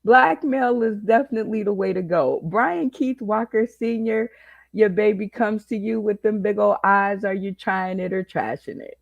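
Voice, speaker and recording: A woman's voice: mid-range voice, moderate pace, creaky, no room sound, lo-fi sound. A woman hosting a comedy game show for dads, teasing the panel with a playful manner. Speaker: host.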